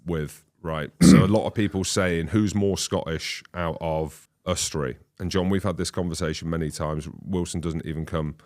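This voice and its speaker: A man with a low, deep voice hosts a casual podcast chat. He teases his guests with playful banter. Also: steady tone, normal speed, hardly any pauses, darkish tone. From born in England. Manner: joking, teasing banter. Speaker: podcast host.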